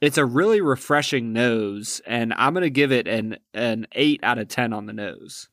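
A man's voice: medium pitch, expressive, normal speed, a bit bright, dry recording, studio quality. Curious, laid-back man co-hosting. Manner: curious, laid-back, uses filler words. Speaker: co-host. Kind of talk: casual review chat.

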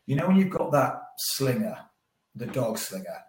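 A man, a former cricketer as podcast guest, telling a story in a lively way and acting out his own thoughts. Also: medium pitch, moderate pace, recorded from a distance, a little hiss or hum. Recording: roomy sound, a bit off mic.

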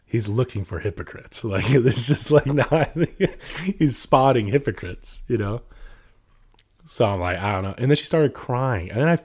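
A young man from California telling stories in casual chat, animated, laughing often and mimicking the people he quotes. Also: medium pitch, normal speed, husky. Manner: animated storytelling, laughs often, voices others.

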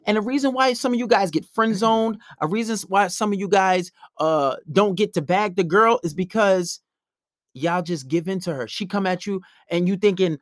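Brash high-voiced man telling stories. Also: moderate pace, no room sound, clean studio sound. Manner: blunt, brash storytelling with acted-out quotes. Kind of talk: casual opinionated monologue.

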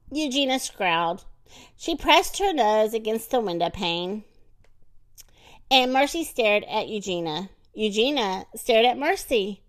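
A woman reading a children's storybook aloud, expressive and deliberate. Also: a little high. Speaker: narrator.

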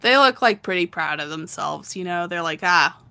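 A woman's voice: on the low side, lively intonation, moderate pace, vocal fry, sharp tone. A woman co-hosting a podcast, casually retelling a story in a chatty way and laughing often. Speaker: podcast co-host.

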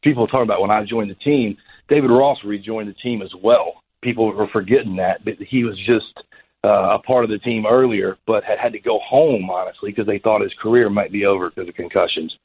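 A man with a low, husky voice tells a rambling story, tripping over restarts as he goes. He sounds thin and tinny, as if he is coming through a phone line on radio. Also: fairly quick. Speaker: former baseball pitcher, guest. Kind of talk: storytelling interview answer.

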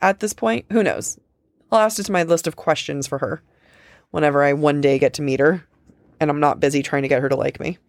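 A woman co-hosting a casual book-discussion podcast, chatty with lots of fillers, reading quotes aloud slowly. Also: low voice, no echo, studio quality. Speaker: podcast co-host.

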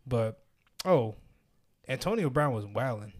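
Young man, podcast host, casual slang-heavy chat, laughs a lot, mid-pitched voice. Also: animated, unhurried. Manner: loose slang-heavy storytelling, laughs often.

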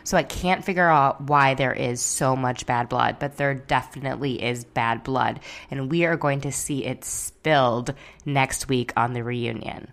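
A woman's voice: extremely low pitch, fairly even intonation, measured pace, vocal fry, few pauses, fairly bright tone. A woman giving a casual, candid recap of a reality show episode, opinionated, with dry jokes and the odd swear word.

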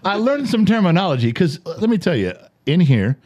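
A man in his fifties hosts a relaxed podcast conversation, telling funny stories with plenty of swearing. His voice swings widely in pitch as he gets into the tale. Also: a little fast. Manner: animated storyteller, swears, laughs often. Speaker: podcast host. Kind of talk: casual storytelling chat.

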